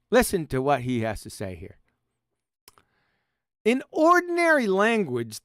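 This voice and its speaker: A man's voice: high voice, fairly bright tone, clear, resonant tone, no room sound, studio quality. A man hosting a live stream, mocking and sarcastic, reading quotes and laughing often. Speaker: host.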